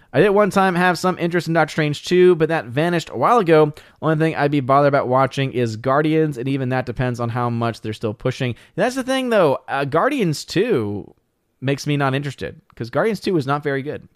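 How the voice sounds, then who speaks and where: A man chats casually on a live stream, reading viewer comments aloud and answering with blunt opinions. He talks in a rambling way, stumbling over restarts and fillers, at a middling pitch. His voice is close and dry, with no room sound around it. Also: clean tone, no echo.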